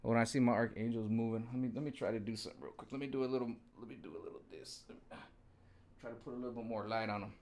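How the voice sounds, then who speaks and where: A man's voice: medium pitch, racing, gravelly, darkish tone. A man in his forties talking casually to camera in a rambling, conversational way, often checking in with his viewers. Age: 40s. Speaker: vlogger.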